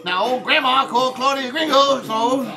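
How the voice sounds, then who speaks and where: A man voicing a jokey male character called Cotton Man, who rambles, keeps saying "man" and "see", and shouts greetings in a homemade birthday video. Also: extremely high pitch, normal speed, gravelly, music in the background. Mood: rambling cheerful.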